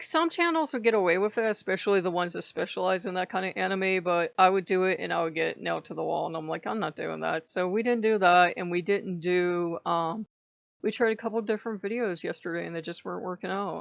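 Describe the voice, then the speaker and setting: Gravelly low-voiced woman vlogger. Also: no room sound. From rural United States. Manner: rambling, chatty, frank. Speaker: channel host. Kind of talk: casual vlog chat. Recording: dry lo-fi recording.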